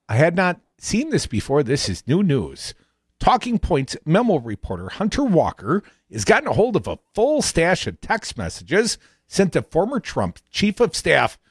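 A man co-hosts a political call-in radio show, his voice fairly high and swinging widely in pitch. He reads out news and texts with punchy emphasis. The studio sound is dry and close. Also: no room sound.

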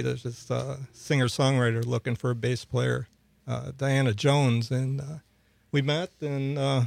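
A gravelly man from Milwaukee, a bassist guest on a radio show, telling his stories in a relaxed, halting way full of ums and uhs. The sound is dry and close. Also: dry recording. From Milwaukee, USA. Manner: relaxed storyteller with many fillers. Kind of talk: casual radio interview.

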